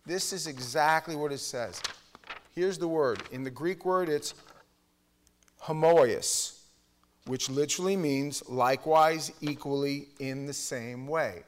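A middle-aged man preaching a sermon in a Bible study, blunt and emphatic, with his voice swinging from loud to hushed. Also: on the high side, a little slow. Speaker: pastor teaching a Bible study.

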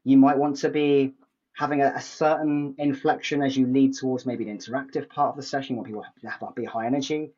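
A man hosting an interview podcast, speaking calmly as he sums up points and asks questions. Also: medium pitch, fast talker. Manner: calm, summarizing, asks questions. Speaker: podcast host. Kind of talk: conversational interview. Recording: dull lo-fi mic.

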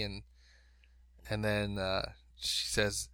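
A middle-aged man co-hosting a casual chat, telling stories with animated energy. His tone is bright and forceful, and his voice sits mid-range. The sound is close and dry. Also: mid-range voice, normal speed, dry recording. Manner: animated storyteller, laughing asides.

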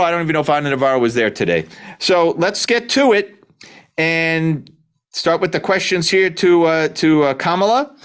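A man's voice: on the high side, expressive, a little slow. A male talk radio host speaking in a raised voice that swoops up and down all the time. He sounds sarcastic and incredulous and keeps exclaiming as he runs through his monologue.

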